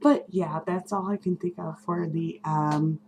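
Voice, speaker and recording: A woman's voice: low voice, steady tone, a little slow, darkish tone, slight background noise, low-quality recording. A woman vlogger chatting casually to camera, rambling with many ums and small laughs. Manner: rambling, many ums and self-corrections, giggly.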